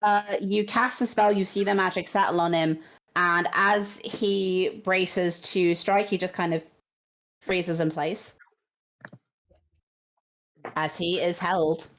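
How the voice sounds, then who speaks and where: Woman game master, lowish voice, talks rules through aloud on a call. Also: steady tone, slow, long pauses, fairly bright tone. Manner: thinks aloud, checks rules. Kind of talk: narrating a tabletop game.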